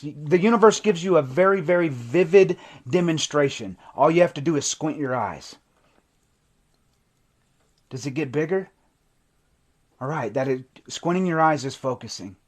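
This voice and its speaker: A man who coaches people in recovery, giving an impassioned, emotional livestream monologue that swings from intense to hushed. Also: on the high side, animated, moderate pace, long pauses. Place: TikTok live stream.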